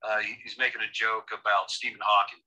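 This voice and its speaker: A man's voice: lowish voice, little pitch movement, a little fast, sharp tone, muffled recording. An American man co-hosting a casual chat, opinionated and joking, with many restarts. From United States. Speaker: podcast co-host.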